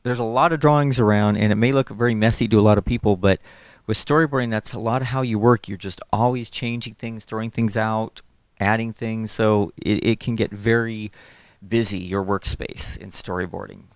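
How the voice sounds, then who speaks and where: Middle-aged guy with a low gravelly voice, chatty animator rambling with lots of ums, dry close sound. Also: fairly even intonation, normal speed, no room sound. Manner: friendly, rambling, many fillers and restarts. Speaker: animator and storyboard artist. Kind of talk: casual interview, explaining his work.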